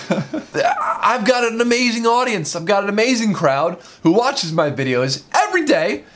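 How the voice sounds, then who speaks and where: A man's voice: sits high, huge pitch swings, measured pace, a bit bright. A man, a musician and video creator, angrily ranting on his vlog, swearing often and repeating himself, sounding exhausted. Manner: heated, profane, repetitive ranting.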